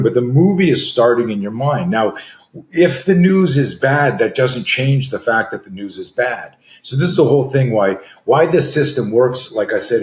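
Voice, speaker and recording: A middle-aged man, a self-defense coach, answering interview questions in a loose storytelling way with frequent fillers and restarts. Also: medium pitch. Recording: echoey room.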